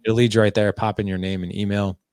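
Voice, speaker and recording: A man in his forties, a podcast guest who coaches fathers, telling stories in a lively way and acting out both sides of a talk. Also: fairly low pitch, quick pace, smooth, no echo, clean studio sound. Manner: animated, acts out both sides of dialogues. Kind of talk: conversational interview storytelling.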